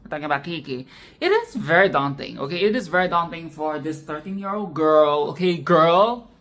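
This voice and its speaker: A sassy film commentator talks off the cuff, cursing freely, laughing often, and tagging his lines with "okay?" His casual monologue rambles and restarts, delivered at a fairly quick, animated clip in a mid-range, fairly bright voice.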